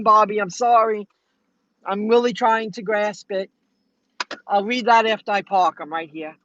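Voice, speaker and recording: A middle-aged woman vlogging casually from her car as a delivery driver, rambling and venting while she talks to her live chat. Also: medium pitch. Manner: rambling, venting, thinking out loud. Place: inside a car. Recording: dull, dry lo-fi sound.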